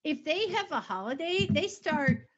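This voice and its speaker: A woman co-hosting a casual movie podcast in a playful, drawn-out way. She repeats herself as she talks. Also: sits high, big pitch swings, highs cut off. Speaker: podcast co-host.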